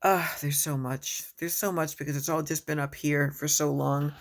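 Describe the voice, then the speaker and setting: Middle-aged woman poet, casual and rambling, reads her verse slowly and softly at home. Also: low-pitched, fairly even intonation. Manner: chatty and rambling between poems, reads slowly and tenderly. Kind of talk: casual chat and reading her own poems aloud.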